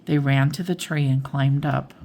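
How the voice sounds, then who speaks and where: An older woman reading a bedtime story aloud in a slow, gentle manner. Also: very deep voice, steady tone.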